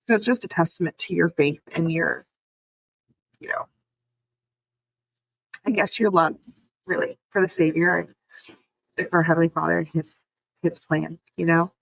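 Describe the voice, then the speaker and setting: A woman co-hosting a podcast who responds to a guest gently and sympathetically, often adding "you know". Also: on the low side, steady tone, unhurried, vocal fry, long pauses, no room sound, poor audio. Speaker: podcast co-host. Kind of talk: sympathetic interview talk.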